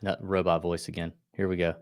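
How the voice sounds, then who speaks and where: A man co-hosting a golf betting podcast, talking in a quick, loose, joking way. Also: sits low, little pitch movement, no room sound, clean studio sound. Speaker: podcast co-host. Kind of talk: casual golf betting chat.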